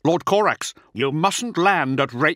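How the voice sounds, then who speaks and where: A man voicing a calm, loyal male officer who speaks earnestly and in measured tones. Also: a little high, dry recording, clean studio sound, voice pushed up.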